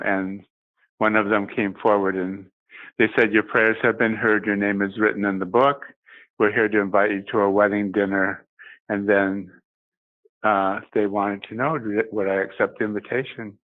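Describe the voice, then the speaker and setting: Older man, lowish voice, halting testimony, muffled lo-fi sound. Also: flat delivery. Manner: halting, many pauses and restarts. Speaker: guest. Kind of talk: personal testimony interview.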